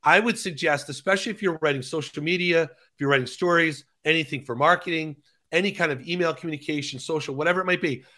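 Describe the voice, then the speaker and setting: Bright-voiced man explaining step by step. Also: a little high. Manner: talks slowly through key phrases, many restarts. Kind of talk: conversational explainer.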